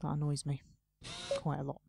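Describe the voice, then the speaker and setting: A woman's voice: sits low, completely flat delivery, normal speed, creaky, mellow, slightly rough, no echo. Chatty woman muttering through a game. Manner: chatty, mutters to herself, scolds customers playfully. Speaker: gaming video host. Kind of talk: casual let's play commentary.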